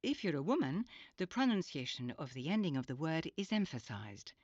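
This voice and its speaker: A woman narrates a scripted language lesson, explaining each step patiently and clearly. Her voice sits low, but her pitch moves a lot. The sound is dry and dull, like an older lo-fi recording. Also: big pitch swings, a little fast, darkish tone, no echo. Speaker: language teacher. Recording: dull lo-fi audio.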